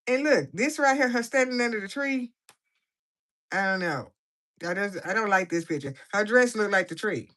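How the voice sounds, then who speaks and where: A woman's voice: medium pitch, expressive, normal speed, fairly bright tone. A woman chatting casually and playfully as she colors in a coloring book for her viewers. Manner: playful, chatty, laughing commentary. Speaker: coloring vlogger. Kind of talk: casual chat while coloring.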